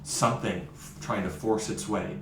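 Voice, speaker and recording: A man's voice: fairly low pitch, steady tone, unhurried, vocal fry, echoey room, noisy background. A man narrating as game master of a tabletop game, describing scenes and often correcting himself mid-sentence. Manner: descriptive, with frequent self-corrections.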